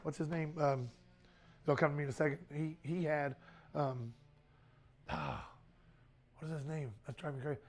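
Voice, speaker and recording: A man's voice: on the high side, fairly even intonation, normal speed, pauses often, a little mellow. Man giving a casual youth talk. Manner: conversational, repeats words, many fillers. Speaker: youth group speaker.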